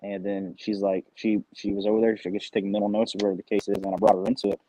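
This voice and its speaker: A man in casual podcast chat, talking fast and loose and swearing casually. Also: fairly low pitch, little pitch movement, dark tone, slight background noise, low-quality recording. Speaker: podcast co-host, Marine recruiter.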